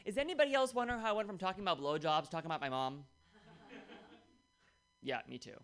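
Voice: medium pitch, fast talker, fairly bright tone. A comedian telling bawdy stories in a stand-up set on a club stage. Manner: bawdy, swooping delivery with big shifts.

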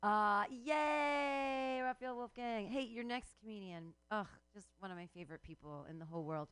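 A woman's voice: mid-range voice, moderate pace, a bit bright, clear, resonant tone, no echo. A woman hosting a comedy show, cheerfully introducing the comedians and teasing them.

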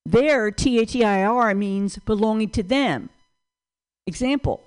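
An older woman with a New York accent does stand-up in a small venue, her voice fairly high. She rants brashly and profanely, lecturing the crowd like a stickler. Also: a little slow, a little mellow, smooth. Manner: brash, profane, pedantic ranting. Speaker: stand-up comedian.

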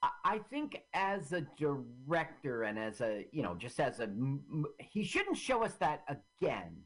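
A radio co-host chatting casually while watching a movie, excitable and quick to exclaim and laugh. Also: medium pitch.

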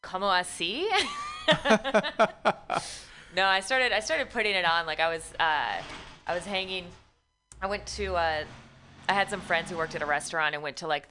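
Young woman guest, bright low-ish voice, laid-back slangy chat with frequent laughs. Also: slight background noise. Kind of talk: casual radio chat.

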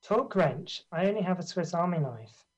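A man's voice: sits high, expressive, moderate pace. A man reading the part of a young rookie FBI agent out of his depth, in a plain, earnest delivery. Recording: dull lo-fi call audio.

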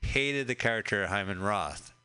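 A man's voice: fairly low pitch, animated, normal speed, sharp tone, smooth. A man co-hosting a radio show, chatting about a movie in a joking, profane, rambling way. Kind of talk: casual movie commentary chat.

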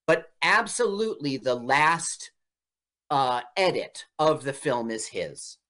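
A man's voice: medium pitch, very animated, slow pace, fairly bright tone. A man co-hosting a casual movie commentary, chatting through film history. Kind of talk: casual chat over a movie.

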